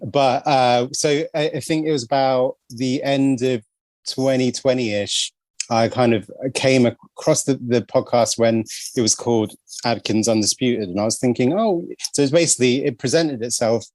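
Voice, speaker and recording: A man hosting a casual podcast over a video call, chatty and quick to laugh at himself. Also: medium pitch, a little mellow, dry recording. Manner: chatty, laughs often, self-deprecating. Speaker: podcast host.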